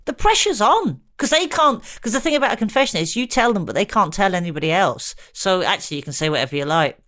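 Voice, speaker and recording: A woman's voice: medium pitch, big pitch swings, fast talker, a bit bright. A woman co-hosting a comedy podcast, dry and teasing in casual chat.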